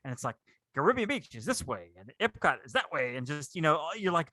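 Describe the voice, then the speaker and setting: A man's voice: fairly high pitch, expressive, quick pace, pushed and bright, dry recording. A man, co-hosting a podcast in casual, rambling chat. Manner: rambling, enthusiastic, repeats words. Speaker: podcast co-host.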